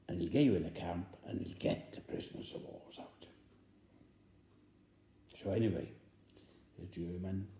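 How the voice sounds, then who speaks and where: A man's voice: fairly low pitch, mellow. A man telling a joke as a rambling story, repeating phrases for effect. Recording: roomy echo.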